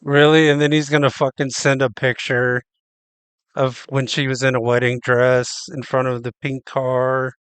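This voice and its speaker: A man's voice: mid-range voice, little pitch movement, normal speed, a bit bright, clean tone, dry recording. A man commenting bluntly on a video he is watching, swearing and sounding incredulous. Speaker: streamer reacting to a video. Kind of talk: casual reaction commentary.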